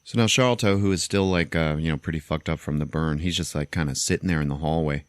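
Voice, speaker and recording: A man hosting a podcast, casually retelling a movie plot with animated storytelling and frequent swearing. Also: very deep voice, quick pace, no room sound. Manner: animated storytelling, acts out quotes, swears freely. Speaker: podcast host.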